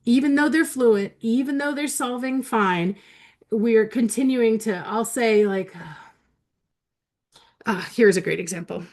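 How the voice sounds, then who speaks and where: A woman teaching teachers in a live online webinar, talking into her computer mic. She is chatty and upbeat, full of fillers and quick laughs, and she reads chat comments back to her audience. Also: fairly high pitch, darkish tone. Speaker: math educator hosting a webinar.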